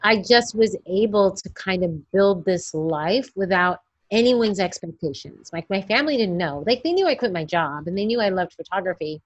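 A woman's voice: medium pitch, moderate pace, few pauses, dry recording, lo-fi sound. A woman in her forties from New York, telling stories in an interview and acting out quoted voices. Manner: animated, acts out quoted voices. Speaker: guest, newborn photographer. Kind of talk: interview storytelling.

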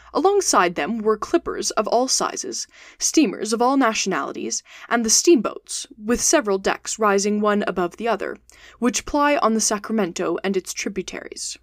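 A woman narrates a classic novel aloud in a steady, clear audiobook manner. Her voice sits at a middle pitch, and the recording is close and dry with no room echo. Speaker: podcast host reading aloud.

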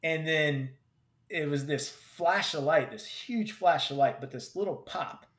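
A combat veteran telling a personal story in vivid, halting bursts with many restarts. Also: male voice, a little high, a bit bright. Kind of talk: personal story told in conversation. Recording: roomy echo.

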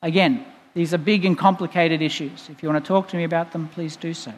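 A man's voice: on the high side, steady tone, brisk. A male pastor preaching a sermon in a church, explaining in a conversational way with playful asides. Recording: long reverb in a church hall.

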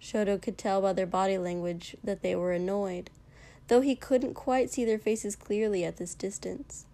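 A woman narrating a fan fiction story aloud in an even, unhurried storytelling voice. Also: medium pitch.

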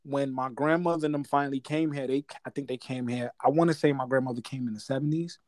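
A man in his forties from Guyana, telling stories in a casual chat, animated and laughing, full of street slang. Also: medium pitch, fast, dry recording.

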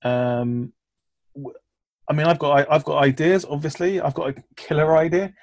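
A man's voice: a little high, fairly even intonation, normal speed, gravelly, no room sound. A man, a filmmaker, chatting casually in an interview, rambling with lots of fillers and restarts. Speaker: filmmaker guest.

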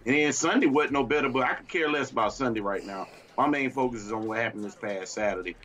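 A man's voice: mid-range voice, fast talker, a bit bright. A man co-hosting a casual sports talk show, ranting in a fiery, exasperated way and breaking into laughter. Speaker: podcast co-host.

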